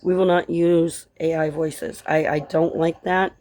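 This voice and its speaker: A woman who grew up in Colorado, talking casually in a rambling vlog chat that drifts between tangents and gentle encouragement. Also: low voice, fairly even intonation, measured pace. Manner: chatty, tangent-prone, encouraging. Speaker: vlogger and author.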